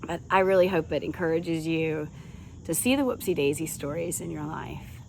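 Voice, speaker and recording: A woman's voice: deep voice, normal speed, vocal fry, background noise. A middle-aged woman hosting a podcast, telling funny stories in a chatty, folksy way and laughing often. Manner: chatty, folksy address to listeners. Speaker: podcast host. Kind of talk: casual storytelling monologue.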